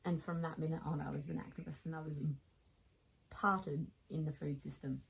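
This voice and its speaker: An Australian woman in her late thirties tells a story in a podcast interview, animated and quick to laugh. Her voice sits low and carries a husky, breathy edge. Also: rough recording. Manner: lively anecdotal storyteller who laughs as she talks. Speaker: podcast guest.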